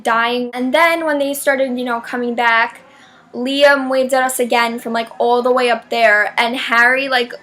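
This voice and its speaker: Gushing young woman vlogger, high voice. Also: sharp tone. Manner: gushing fan, shrieks names in high bursts; heavy "like" filler, chatty and dramatic. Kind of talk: excited casual vlog storytelling.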